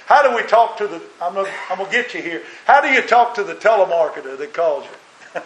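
A man's voice: high-pitched, fairly bright tone. A man preaching a sermon as a minister, earnest and full of rhetorical questions. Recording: roomy echo.

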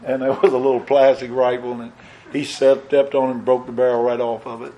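A middle-aged man preaching a folksy sermon in a church, with restarts, rising in pitch and volume when he stresses a point. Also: little pitch movement, fairly quick, warm tone, low-quality recording. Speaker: pastor.

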